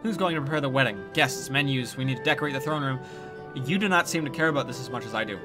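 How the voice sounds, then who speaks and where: A man's voice: medium pitch, fast, close to an everyday voice. A man reading a fussy, bustling queen. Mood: eager. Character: fussy queen, eager to plan a wedding. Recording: game music behind the voice.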